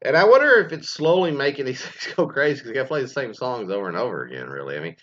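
In a medium-pitched voice at a quick pace, a podcast host wanders through loose, animated commentary full of tangents, with the recording's high frequencies cut off.

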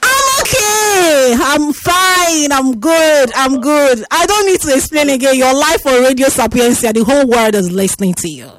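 A woman's voice: sits high, brisk, hardly any pauses. A woman hosting a radio prank call, teasing and exclamatory with sing-song repetitions. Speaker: radio host. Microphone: studio microphone.

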